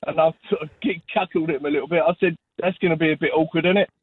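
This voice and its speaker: A man calling into a radio show, telling a story in a relaxed way over the phone. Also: fairly high pitch, very fast, slightly rough. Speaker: caller. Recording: tinny phone line.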